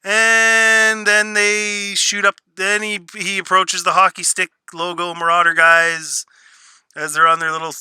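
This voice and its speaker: A man's voice: high-pitched, level tone, unhurried, sharp tone, clean tone, no room sound. A man ranting sarcastically through a spoiler review, exasperated and mocking what he reviews. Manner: sarcastic, exasperated, mocks lines in put-on voices. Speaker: show reviewer.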